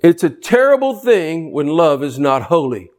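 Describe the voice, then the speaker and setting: Fervent high-voiced older preacher. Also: male voice, sing-song, normal speed. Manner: fervent, rising to near shouting. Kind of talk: sermon.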